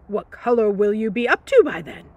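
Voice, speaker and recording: A woman reading aloud, voicing an exasperated father who scolds loudly. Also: mid-range voice, animated, brisk, lightly acted. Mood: ranting. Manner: loud, scolding. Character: exasperated ranting middle-aged dad.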